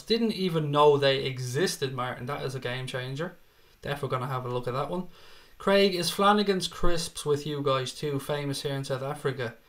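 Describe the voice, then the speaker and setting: This Irish man's voice is a little high and a bit bright. He hosts a relaxed live stream, reading out the live chat and answering viewers with jokes and some swearing, all in an Irish accent.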